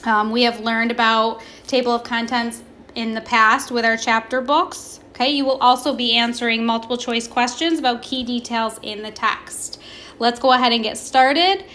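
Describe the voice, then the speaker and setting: A woman teaching a recorded class, slowly modelling pronunciation and asking questions. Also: a little high, steady tone, pushed and bright, slight background noise. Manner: slow, deliberate, stretches words to model pronunciation; asks questions and pauses for students. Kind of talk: recorded remote classroom lesson.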